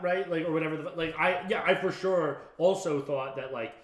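A man hosting a podcast, talking casually about films with many quick interjections. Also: sits high. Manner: animated, quick agreeing interjections. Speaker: podcast host. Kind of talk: casual film discussion. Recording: roomy echo.

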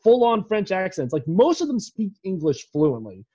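A man chatting as a podcast guest, excitable and rambling with mock indignation. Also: sits high, moderate pace, slightly rough, lo-fi sound. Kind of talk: casual podcast chat.

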